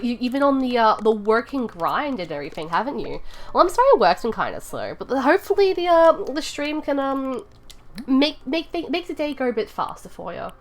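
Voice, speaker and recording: A woman streaming from her room, chatting casually with viewers and thinking aloud as she builds in a game, rambling and giggly. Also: mid-range voice. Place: home room.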